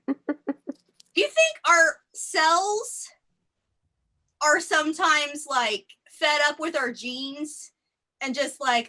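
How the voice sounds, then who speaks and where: A woman's voice: high-pitched, lively intonation, unhurried, sharp tone. A woman doing improvised stand-up comedy in a rambling, self-deprecating way, full of fillers and tangents. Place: theatre stage.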